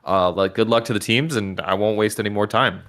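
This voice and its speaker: Laid-back low-voiced male caster. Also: brisk. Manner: relaxed, thankful, laid-back slang. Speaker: guest esports caster. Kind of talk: casual stream sign-off.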